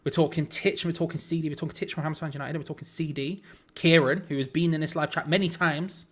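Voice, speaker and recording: A young man commentating a match live for an online audience, talking casually. His voice sits a little high, and he chats to viewers between bits of play, with the odd frustrated aside. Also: steady tone, fast. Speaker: watch-along host.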